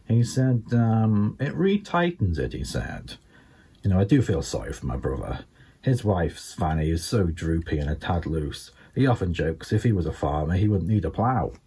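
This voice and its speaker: Older Scouse man, deep husky voice. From England. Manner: rambling, filled with ums and you-knows, lively pitch swings. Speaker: stand-up comedian. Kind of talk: stand-up comedy monologue.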